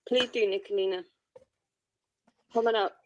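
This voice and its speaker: A woman's voice: mid-range voice, steady tone, normal speed, highs cut off. Blunt woman hosting a livestream. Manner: blunt, confrontational, swearing. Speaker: livestream host. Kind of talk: casual livestream commentary.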